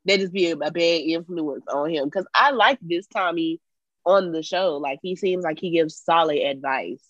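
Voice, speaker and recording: A woman co-hosting a podcast in casual chat, joking bluntly with crude slang and loud laughs. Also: on the low side, normal speed, dry recording. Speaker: podcast co-host. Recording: dull dry sound.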